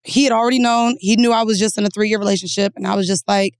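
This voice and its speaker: A woman co-hosting a podcast, telling stories in a blunt, profane, animated way. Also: mid-range voice, quick pace, clean tone, no echo, studio quality. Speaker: podcast co-host. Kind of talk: candid casual chat.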